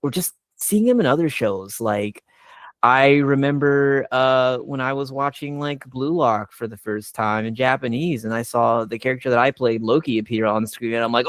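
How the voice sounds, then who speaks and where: A man's voice: medium pitch, normal speed, no room sound. A young adult man, a voice actor on a panel, telling stories casually with lots of "like" and restarts. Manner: animated, filler-heavy retelling. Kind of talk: casual storytelling.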